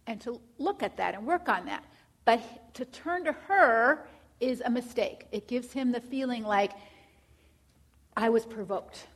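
A woman's voice: on the high side, animated, unhurried, fairly bright tone. A woman teaching counseling students, asking rhetorical questions and acting out what clients say. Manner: asks many rhetorical questions, acts out clients.

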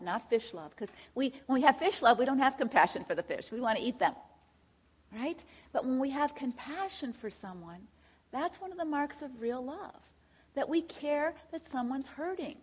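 A woman's voice: sits high, animated, normal speed, breathy edge. A middle-aged woman giving an earnest faith-based teaching talk as a Christian counselor, speaking directly and asking rhetorical questions.

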